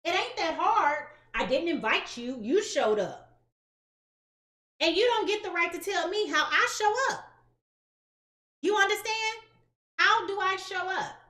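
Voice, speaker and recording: A woman tarot reader, talking straight to her viewers in a lively, sassy, emphatic way. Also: very high-pitched, measured pace, pauses often, reverberant. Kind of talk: casual direct-to-camera chat.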